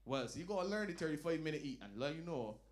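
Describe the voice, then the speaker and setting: Man doing loud stand-up. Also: fast. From Barbados. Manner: loud animated storytelling, drops to low asides. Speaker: stand-up comedian. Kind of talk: stand-up comedy set. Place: lounge comedy night.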